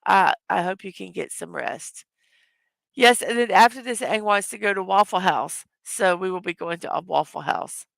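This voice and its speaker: A tired, hoarse woman hosting a casual morning livestream, greeting her chat viewers one by one. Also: medium pitch, normal speed, fairly bright tone, no echo. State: tired from little sleep. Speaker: livestream host.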